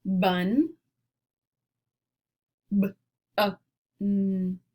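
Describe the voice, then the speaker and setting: A woman teaching phonics who speaks very slowly and deliberately. She sounds out each phoneme on its own with a clear pause between them, then blends the sounds into the word. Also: mid-range voice, fairly even intonation, mellow. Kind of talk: phonics lesson, slow and deliberate.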